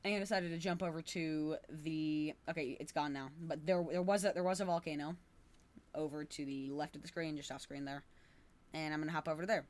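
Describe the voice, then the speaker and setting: A man's voice: on the high side, fairly even intonation, brisk. A man giving casual gameplay commentary to his channel, rambling, correcting himself and sounding upbeat but unsure of his facts. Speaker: gaming YouTuber.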